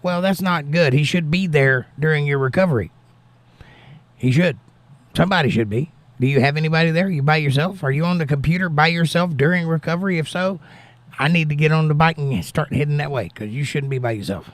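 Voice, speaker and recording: A man's voice: a little high, brisk, dry recording. A man hosting a casual livestream, reading viewer comments aloud and replying with a prayerful touch. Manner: prayerful, thanks God. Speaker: livestream host reading chat. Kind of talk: casual chat.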